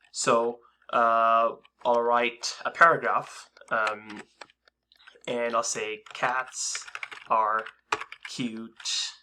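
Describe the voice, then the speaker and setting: A man's voice: medium pitch, bright, forceful tone, slight background noise. A man teaching a screen-recorded coding lesson in a casual, hesitant way, with many fillers and restarts. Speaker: coding instructor.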